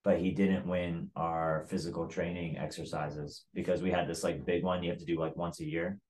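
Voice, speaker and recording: Deep voiced guy telling a story, blunt, swears a lot, says like constantly. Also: level tone, normal speed, a little mellow, a little hiss or hum. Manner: profane, blunt, fillers of "like". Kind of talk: casual storytelling.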